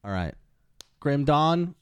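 Guy cohost rambling about games, swearing, joking, pitch all over the place, dry mic. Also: takes it slowly, smooth, no echo. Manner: rambling, profane, joking, lively intonation. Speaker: podcast co-host. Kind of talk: casual chat about video games.

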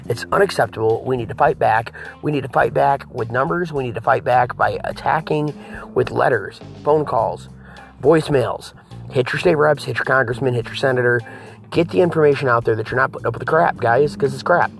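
A man's voice: medium pitch, a little fast, gravelly, faint music behind. A man hosting a political talk show, ranting to his viewers in a preachy way and calling them folks and guys.

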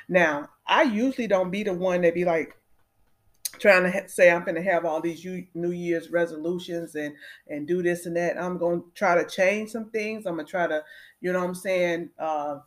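A woman in her fifties chatting casually to her viewers, addressing them directly and using lots of fillers. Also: lowish voice. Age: 50s. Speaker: vlogger.

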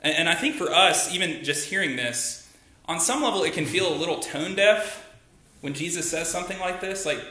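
A man preaching a Sunday sermon with a bright, forceful voice that sits a little high for a man. He talks to the congregation conversationally and keeps asking them rhetorical questions. The sound rings around a roomy, echoing church. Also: lively intonation, normal speed, slight background noise. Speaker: pastor. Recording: echoey room.

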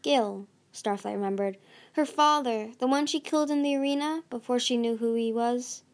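A woman's voice: a little high, moderate pace. A woman narrating a storybook aloud, reading steadily with small slips and restarts. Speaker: audiobook reader.

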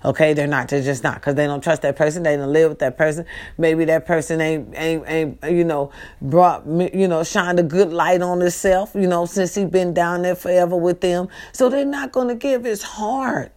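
Emphatic middle-aged woman vlogger, lower voice. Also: level tone, moderate pace, darkish tone. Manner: emphatic, repetitive, preachy, calls viewers baby and y'all. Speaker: vlogger appealing to followers. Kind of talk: direct-to-camera casual appeal.

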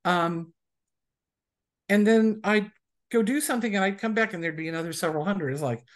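Chatty woman telling lively stories. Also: mid-range voice, a little fast. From USA. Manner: chatty storyteller who acts out quoted people. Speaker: romance author, guest. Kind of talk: casual interview chat.

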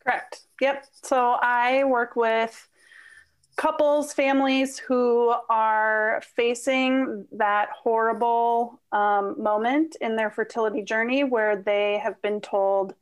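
A woman's voice: fairly high pitch, slow, smooth, poor audio. A woman with a Minnesota accent, a guest on an interview podcast, talking frankly and casually. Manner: frank, relaxed, swears casually. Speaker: podcast guest, donor conception coach.

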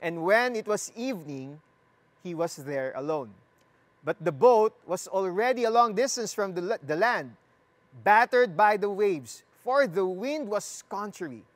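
At an unhurried, measured pace, a preacher gives a sermon with scripture reading in a middle-pitched voice with lively intonation. He leans on repeated phrases and puts questions directly to listeners, joking with them lightly.

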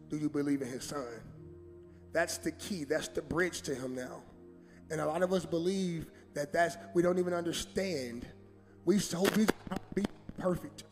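A man's voice: fairly high pitch, a little mellow, in a large hall. A man preaching a sermon as pastor, talking straight to his congregation in casual everyday phrasing and acting out quoted voices with rising emphasis. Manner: colloquial, addresses congregation directly. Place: church sanctuary.

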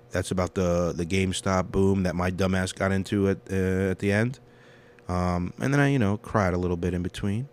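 A young man talks alone on his podcast in a lowish voice. He is candid and rambling, and he swears freely. He shifts between loud, heated rants and soft, quiet confessions. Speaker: podcast host. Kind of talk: casual solo podcast monologue.

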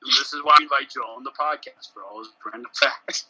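A man co-hosting a casual podcast chat, animated and laughing, often slipping into mocking voices. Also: medium pitch, quick pace, slightly rough, poor audio. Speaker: podcast co-host.

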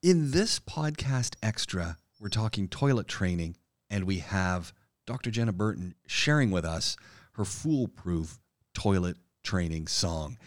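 A man hosting a podcast in casual chat, chatty and quick to laugh. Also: low voice, expressive. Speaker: podcast host.

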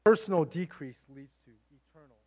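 A man's voice: a little high, animated, fairly quick, warm tone, big-room sound. A male pastor preaching a sermon, emphatic and repeating phrases, with rhetorical questions to the congregation. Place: church sanctuary. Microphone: mic.

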